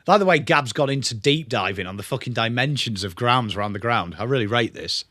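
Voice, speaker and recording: Bright, dry-sounding male watchalong host. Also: medium pitch, expressive, fairly quick, no room sound. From England. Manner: banter with viewers, swears freely. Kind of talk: casual live football commentary and chat.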